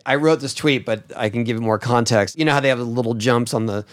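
A man's voice: mid-range voice, quick pace. A man in his fifties, a guest in a casual chat, telling stories with easygoing, dry humor. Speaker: guest, professional skateboarder.

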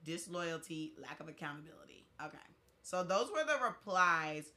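A woman's voice: sits low, animated, normal speed, bright, forceful tone. A woman co-hosting a podcast, reading out replies with sassy asides. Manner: reads list aloud with sassy asides. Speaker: podcast co-host. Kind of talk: casual chat.

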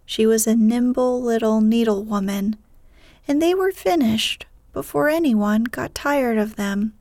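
A woman narrating a storybook in a soft, gentle whisper with measured phrasing. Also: on the high side, no echo, studio quality.

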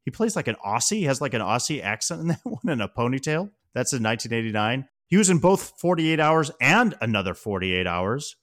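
A man's voice: mid-range voice, very animated, fairly quick, few pauses, fairly bright tone. A man co-hosting a movie podcast in casual chat, chatty and prone to wandering off on personal tangents. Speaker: podcast co-host.

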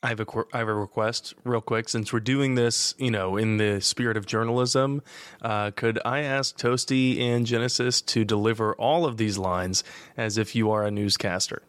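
A man's voice: lowish voice, fairly even intonation, moderate pace, a bit bright, clean tone, no echo. A man guesting on a podcast, talking in an easygoing, jokey way with casual restarts.

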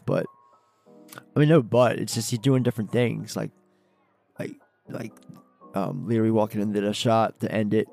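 A man co-hosting a podcast, casually recapping a film in a rambling, profane way, with frequent restarts and quick acted-out quotes of the characters. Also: on the low side, gravelly, a little mellow. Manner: acts out characters' lines in quick quoted bursts. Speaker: podcast co-host. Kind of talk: casual movie recap chat.

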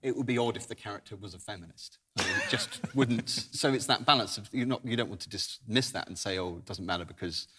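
A man's voice: fairly low pitch, huge pitch swings, fast, few pauses, bright, forceful tone, a little hiss or hum. A man in a casual book discussion, chiming in readily and arguing his view with animation.

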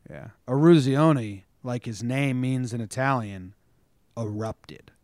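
Animated man in casual sports chat. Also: mid-range voice, slow pace, no echo. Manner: animated storyteller, acts out quotes with profanity. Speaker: podcast co-host.

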